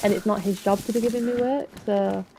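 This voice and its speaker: A woman's voice: medium pitch, fairly even intonation, fairly quick, crowd noise, poor audio. A woman chatting casually, venting with lots of fillers. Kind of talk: casual chat.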